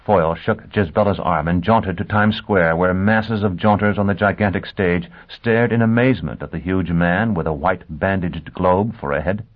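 Low-voiced man narrating a story. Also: normal speed, few pauses. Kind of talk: audiobook narration. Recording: tinny phone-like sound.

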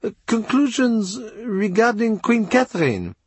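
A man's voice: high voice, very animated, a little slow, breathy edge, dry recording, pitched above the performer's own voice, full character voice. A man doing an obsequious hesitant diplomat. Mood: deferential. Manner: hesitant with fillers.

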